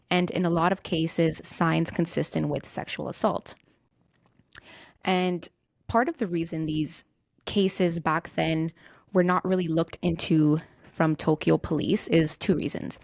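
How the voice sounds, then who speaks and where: Gravelly low-voiced woman narrating true crime. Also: no echo, studio quality. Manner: reads from a script with small slips and restarts. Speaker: podcast host. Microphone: own mic on a remote call.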